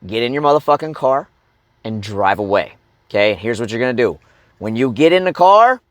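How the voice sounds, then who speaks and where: This middle-aged life coach gives motivational advice to other men in a mid-range, expressive voice at a moderate pace. He's blunt and swears heavily, constantly checking in with "okay?" and "right?". The studio-quality recording has no echo.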